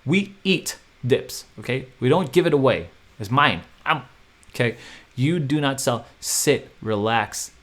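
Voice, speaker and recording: A man hosting his own crypto channel, giving casual, animated advice and often checking in with "okay?". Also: mid-range voice. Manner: animated, repetitive, chatty with frequent "okay?".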